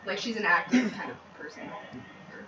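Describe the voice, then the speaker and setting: A giggly woman rambles through a tabletop game with friends, her voice jumping up and down in pitch. She sounds distant in an echoey room, the recording dull and noisy. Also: lively intonation, brisk, a loud crowd. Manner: giggly, rambling, laughs often. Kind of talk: casual chat and in-character play. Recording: roomy, distant, muffled home recording with loud noise.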